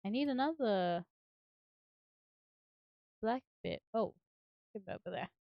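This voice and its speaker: A woman's voice: medium pitch, expressive, unhurried, vocal fry, dry recording, highs cut off. A woman streamer chatting casually and giggling while she builds, swearing now and then and filling her talk with fillers.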